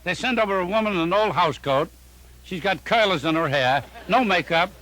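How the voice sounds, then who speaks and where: An older male comedian rattling off one-liners in a punchy, deadpan joke-telling style. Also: sits high, low-quality recording. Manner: punchy deadpan joke delivery with quick setups. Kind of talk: rapid-fire one-liner joke recording.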